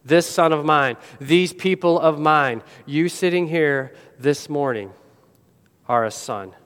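High-voiced preacher in a reverberant hall. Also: male voice, slow pace, clear, resonant tone. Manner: dramatic storytelling, swings from loud to hushed. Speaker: pastor. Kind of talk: sermon.

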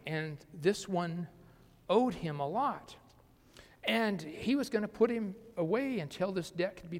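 A pastor giving a conversational sermon, asking the congregation rhetorical questions and often restarting his phrases. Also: a little high. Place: church sanctuary. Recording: long hall reverb.

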